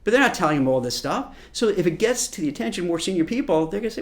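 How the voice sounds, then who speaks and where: A man, a seasoned recruiter, talks through career advice in a casual way. His voice sits a little high and swings widely in pitch. He keeps slipping into little acted-out exchanges. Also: very fast. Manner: animated, acts out imagined dialogue.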